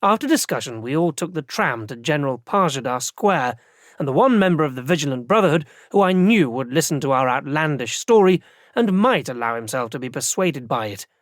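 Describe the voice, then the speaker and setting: A man narrating a first-person fantasy audiobook in an even, dry storytelling manner. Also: on the high side, fairly quick, no echo.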